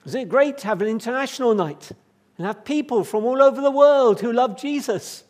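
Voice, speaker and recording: Male preacher with a high voice, delivering a sermon with emphatic repetition and swings between quiet and fervent. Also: a little fast.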